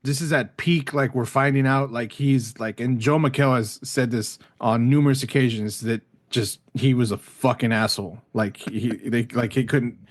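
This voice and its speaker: A man's voice: mid-range voice, steady tone, normal speed, hardly any pauses, no echo, clean studio sound. A man co-hosting a casual podcast, talking hesitantly with many restarts and fillers. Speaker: podcast co-host.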